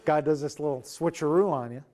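Chatty pastor guy telling a bible story, fairly high voice, keeps it loose. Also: fairly quick. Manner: conversational, animated storytelling. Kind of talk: informal sermon.

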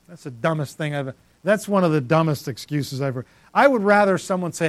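A man's voice: a little high, expressive, fairly quick, hardly any pauses, dry recording. A man preaching a sermon as pastor, emphatic and repetitive, calling out congregants by name.

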